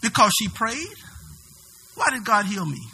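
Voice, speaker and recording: A man preaching a sermon. He asks the congregation questions and bursts into shouts. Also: high voice, sing-song, a little slow, creaky, husky. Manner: preaching with sudden shouted peaks and call-and-response questions.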